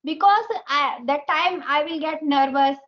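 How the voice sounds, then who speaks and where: An Indian woman with a high voice talks earnestly in a relaxed conversation and fills her sentences with "you know". The sound is dull and lo-fi. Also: measured pace. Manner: earnest, simple phrasing with frequent fillers. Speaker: channel host. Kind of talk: casual conversation practice. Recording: muffled lo-fi audio.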